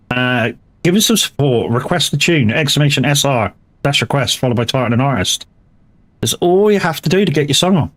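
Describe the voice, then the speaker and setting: A man's voice: medium pitch, lively intonation, a little fast, a bit bright. Rambling, casually swearing male streamer. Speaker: live-stream gamer. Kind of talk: casual live-stream chat.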